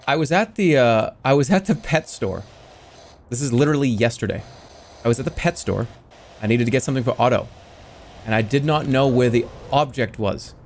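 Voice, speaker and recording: A man in his thirties streaming a game, chatting casually and telling animated stories with lots of restarts. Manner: animated storytelling, acts out voices with big pitch jumps; rambling with frequent restarts. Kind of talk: casual chat while gaming.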